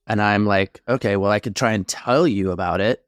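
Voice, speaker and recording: A man's voice: fairly low pitch, brisk, no echo, clean studio sound. A man co-hosting a relationship podcast, telling a story in rambling casual chat with tangents. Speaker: podcast co-host, therapist.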